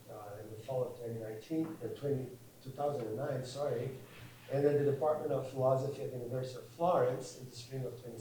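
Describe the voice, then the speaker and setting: A man's voice: mid-range voice, mellow, recorded from a distance. A man hosts the event and reads out a speaker introduction, stumbling and correcting himself along the way. He stands well back from the microphone. His voice rings through a very echoey room over a faint hum of background noise. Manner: halting, self-correcting as he reads.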